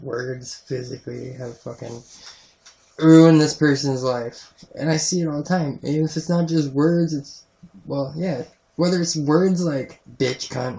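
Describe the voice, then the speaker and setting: A man's voice: mid-range voice, vocal fry, warm tone, low-quality recording. A man co-hosting a casual podcast chat, laid-back and profane, often laughing along. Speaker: podcast co-host.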